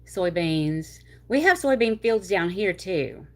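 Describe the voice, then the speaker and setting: A rambling, chatty woman with a Southern drawl from North Louisiana, hosting a casual livestream. Her voice sits a little low for a woman, and she stretches out words and tosses in y'all as she reads comments. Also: expressive, takes it slowly, a little mellow. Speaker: livestream host. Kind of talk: casual chat reading viewer comments.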